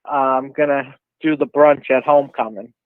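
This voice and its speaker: A man co-hosting a podcast, chatting casually and responsive, quick to laugh. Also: medium pitch, steady tone, dry recording. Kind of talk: casual chat. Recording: tinny phone line.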